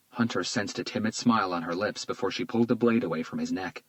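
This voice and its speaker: A man narrating a crime thriller audiobook in a steady, measured read. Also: lowish voice, dry recording, poor audio. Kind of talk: scripted narration.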